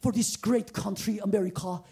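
A woman from the former Soviet Union preaching a testimony sermon, exuberant and earnest, often breaking into shouts and sung phrases. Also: mid-range voice, steady tone, normal speed. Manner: earnest, pleading exhortation. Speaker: guest preacher.

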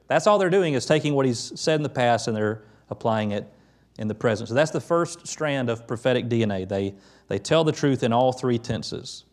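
A middle-aged pastor giving a conversational sermon, quick to lift his voice when quoting the prophets. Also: medium pitch.

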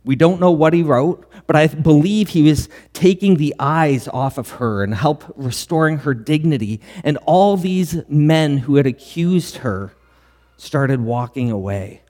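A man's voice: fairly high pitch, expressive, a little slow, a little mellow. A man preaching a sermon as pastor, earnest and full of rhetorical questions. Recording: long hall reverb.

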